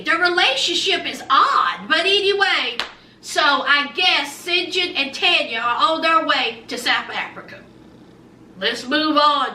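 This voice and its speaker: A woman hosting a casual reality TV recap, telling the story in a sassy, animated way and talking straight to her viewers. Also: high voice. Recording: roomy, distant mic with faint background noise.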